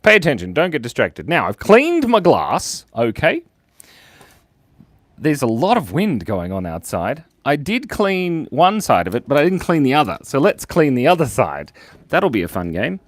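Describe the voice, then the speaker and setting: A man's voice: on the high side, wildly swooping pitch, moderate pace, no echo. A man hosting a live drawing stream, chatting casually with viewers in a playful, goofy way, breaking into silly voices and noises.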